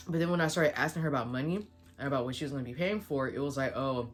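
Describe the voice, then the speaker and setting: A woman's voice: rumbling low, racing, soft background music. A young woman vlogger retelling a story in a casual storytime, quoting the back-and-forth of a conversation.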